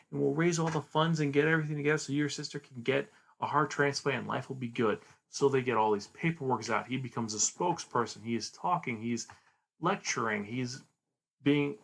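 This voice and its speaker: A man hosting a podcast, chatting casually as he retells a manga story in an animated way. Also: mid-range voice, creaky. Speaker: podcast host.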